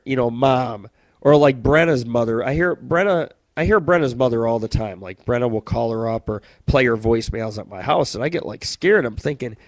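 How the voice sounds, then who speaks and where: A man's voice: medium pitch, dry recording, low-quality recording. A man hosting his own radio show, telling stories and jokes in a profane, rambling, boastful monologue.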